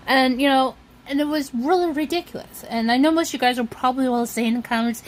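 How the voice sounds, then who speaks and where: A woman's voice: sits high, quick pace, hardly any pauses. A woman vlogger telling a long story in a casual, rambling way, often circling back with "so anyway".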